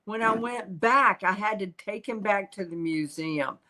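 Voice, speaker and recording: Older woman, slow unhurried pace, animated storytelling, casual livestream host. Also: mid-range voice, low-quality recording. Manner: animated storytelling, quotes spirits in voices. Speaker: psychic medium, show host.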